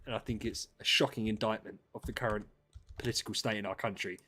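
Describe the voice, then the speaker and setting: A man streaming casual chat with viewers, ranting and swearing, dropping to mutters and then rising to loud outbursts. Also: on the low side, fairly even intonation, quick pace, slight background noise.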